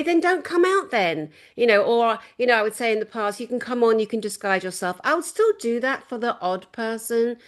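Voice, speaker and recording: A woman hosting a casual conversation who talks emphatically and with passion, moving from loud exclamations to quiet, earnest asides. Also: a little high. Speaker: host.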